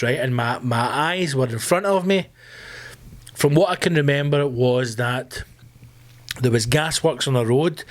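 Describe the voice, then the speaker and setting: Scottish male podcast host, loud, profane, ranting delivery. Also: medium pitch. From Scotland. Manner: loud, sweary ranting, bursts into screamed outbursts. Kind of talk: solo comedy podcast rant.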